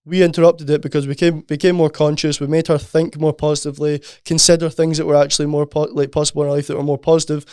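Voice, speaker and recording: A man, co-hosting a podcast and telling a personal story in a quick, earnest way. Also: fairly high pitch, level tone, darkish tone, clean tone, no echo, studio quality. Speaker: podcast co-host. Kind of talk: casual podcast conversation.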